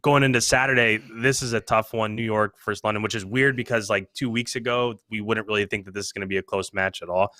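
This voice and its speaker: A man who coaches esports, talking casually as a podcast guest and giving steady predictions. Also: lowish voice, fast talker, few pauses, dry recording, clean studio sound.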